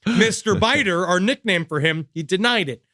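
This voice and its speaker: A man co-hosting a casual comedy podcast, riffing excitably and joking as he reads stories aloud. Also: sits high, moderate pace, no echo, clean studio sound. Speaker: podcast co-host.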